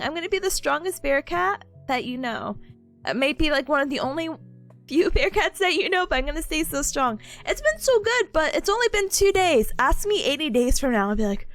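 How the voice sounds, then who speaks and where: A woman's voice: high-pitched, sing-song, normal speed, faint music behind. A young woman streaming casually, playful and giggly, mocking herself as she chats to her viewers. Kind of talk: casual live-stream chat.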